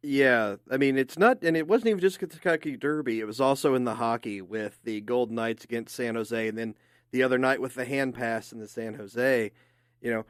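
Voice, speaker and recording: A man's voice: mid-range voice, a little fast, clean tone, no room sound, studio quality. A man co-hosting a sports radio show, giving his opinions emphatically. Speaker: radio co-host.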